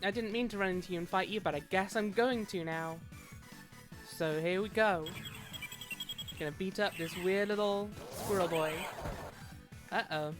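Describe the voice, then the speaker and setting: A woman streamer talks through her game in a jokey put-on tough-guy New York voice, greeting viewers and laughing between lines. Her voice sits at an ordinary middle pitch, with faint game music underneath. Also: moderate pace, long pauses. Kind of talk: casual gameplay commentary.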